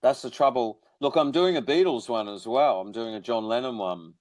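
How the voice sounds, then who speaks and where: Wry, rambling musician. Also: male voice, medium pitch, normal speed, a little mellow, no room sound. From born in England, raised in Australia. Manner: rambling, wry, self-deprecating humor. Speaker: musician guest. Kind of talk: casual interview chat.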